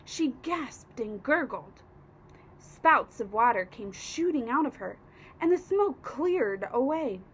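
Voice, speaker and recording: A woman reading a children's storybook aloud with expressive narration. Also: sits high, takes it slowly, husky. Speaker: reader.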